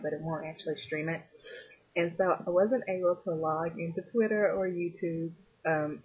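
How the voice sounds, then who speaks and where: Young woman, giggly, rambling, husky breathy voice, tinny phone-like sound. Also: fairly low pitch. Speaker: vlogger. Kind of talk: casual late-night storytelling.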